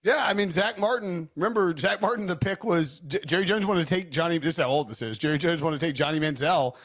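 Rambling male co-host, fairly high voice. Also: fast, a bit bright, dry recording, studio quality. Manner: rambling, with many restarts and "like". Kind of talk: casual sports betting chat.

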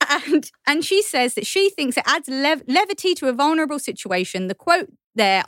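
A woman's voice: high-pitched, animated, normal speed, hardly any pauses, a bit bright, dry recording, studio quality. A woman from East London with a Cockney accent, chatting as a podcast guest and telling a story with frequent laughter. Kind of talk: casual chat.

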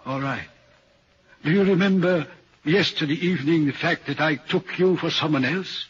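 A man's voice: on the high side, normal speed, husky. An actor playing a troubled railway signalman in an old radio drama, earnestly recounting a ghostly sighting. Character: haunted, uneasy male railway signalman. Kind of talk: 1940s radio acting. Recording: dull old radio recording.

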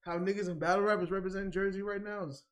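Animated high-voiced New man. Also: racing. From New York. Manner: animated, laughing, mimics people. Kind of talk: casual chat.

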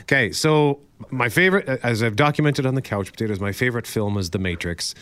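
A man's voice: medium pitch, animated, fairly quick, a bit bright, no room sound. A male radio co-host chatting casually and enthusiastically, rambling a little as he geeks out.

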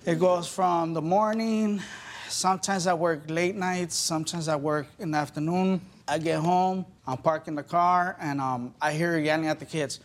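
A man giving halting, defensive testimony as a litigant in a TV courtroom. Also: on the high side, fairly even intonation.

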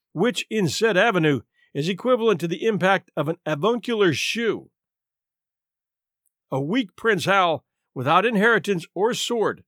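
A man reads a storybook aloud with a theatrical touch, his voice set high for a man and swinging widely in pitch. The recording is close and dry, with no room sound. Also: fairly bright tone, no echo. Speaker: narrator. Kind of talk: storybook narration.

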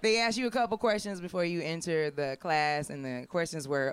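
A woman's voice: fairly low pitch, steady tone, fairly quick, clear, resonant tone, no echo. A woman doing stand-up comedy, brash and profane, laughing often at her own stories.

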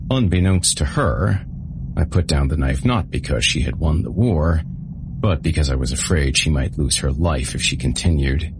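A man's voice: rumbling low, noisy background. A man narrating a story in the first person with a dry, sardonic delivery.

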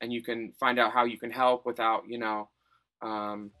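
A man co-hosting a podcast in campy, animated casual chat, quick to laugh and tease. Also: mid-range voice, a little hiss or hum. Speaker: podcast co-host.

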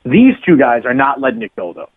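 A man's voice: mid-range voice, very animated, fairly quick, breathy edge, dry recording. A man telling a long, profane story as a podcast guest, rambling and full of "like" fillers. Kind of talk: casual anecdote storytelling. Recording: narrow phone-line sound, dry.

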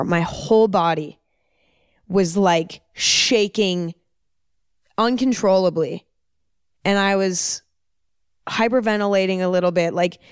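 A woman's voice: lowish voice, clean tone, no room sound, studio quality. A young woman hosting a podcast, telling a personal story in a casual, emphatic way and repeating words for stress. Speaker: podcast host.

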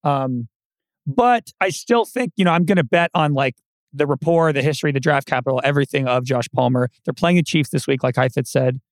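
A man's voice: mid-range voice, brisk, no room sound, studio quality. A man co-hosting a fantasy football podcast, speaking confidently and playfully. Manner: confident, playful, gives nicknames. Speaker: podcast co-host. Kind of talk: casual sports podcast chat.

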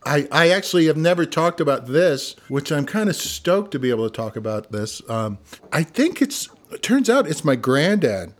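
Man, Missouri-raised, Midwestern drawl with a hint of twang, gravelly, raised pitch, casual laughing chat. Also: very animated, normal speed. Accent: Midwestern American with a slight country twang. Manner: gravelly, laughs often, loose and swearing. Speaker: guest singer-songwriter. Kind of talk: casual conversation.

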